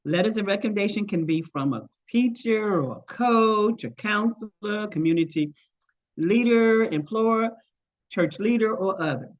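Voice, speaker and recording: An older woman leads an online workshop, moving from advice to anecdotes and putting on voices for the people in her stories. Her pitch sits in the middle range. The video-call audio sounds a little dull. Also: animated, measured pace. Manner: storytelling, acts out quoted voices. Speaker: workshop presenter, retired math teacher.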